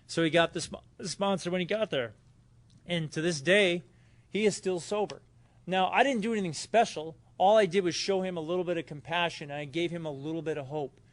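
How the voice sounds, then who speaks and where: Casual storytelling man, slightly higher voice. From Southern California. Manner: casual, storytelling with acted quotes and frequent fillers. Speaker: recovery meeting speaker. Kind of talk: personal story talk at a convention. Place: hotel conference room.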